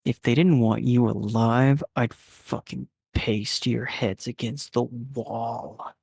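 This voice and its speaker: A man's voice: medium pitch, fairly even intonation, slow, creaky, darkish tone, husky, dry recording, pitched below the performer's own voice, heavily acted. A man voicing a menacing insect-like monster guard who threatens with curses. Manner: threatening, cursing.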